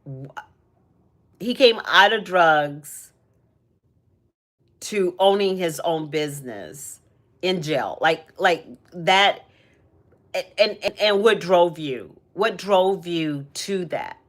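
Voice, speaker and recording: A woman's voice: fairly low pitch, animated, takes it slowly, long pauses. A young woman hosting a casual livestream, talking about energy and purpose, emotional and rambling with many restarts. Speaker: livestream host.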